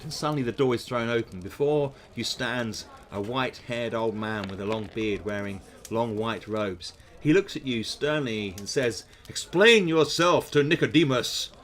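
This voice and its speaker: A man, hosting a gamebook session, reading aloud and chatting in musing asides. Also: mid-range voice. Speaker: host playing a gamebook.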